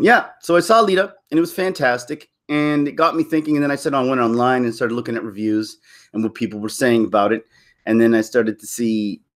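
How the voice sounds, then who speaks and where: A man hosting a casual live stream, rambling and joking with frequent laughs. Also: mid-range voice. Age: middle-aged. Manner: rambling, jokey, laughs often. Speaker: channel host.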